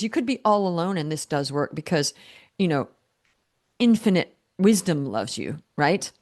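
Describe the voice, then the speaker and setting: A woman's voice: sits low, big pitch swings, moderate pace, a little mellow. A woman in her fifties, a business coach being interviewed, telling stories in a rambling way with many restarts. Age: 50s or older. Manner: rambling storyteller, many restarts and quoted self-talk. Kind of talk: interview conversation.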